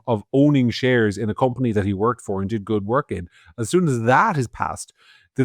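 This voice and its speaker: A man's voice: medium pitch, dry recording, clean studio sound. An Irish man co-hosting a podcast, giving opinionated political commentary in a sardonic, swearing tone. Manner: sardonic, swearing, swings loud and soft. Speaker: podcast co-host.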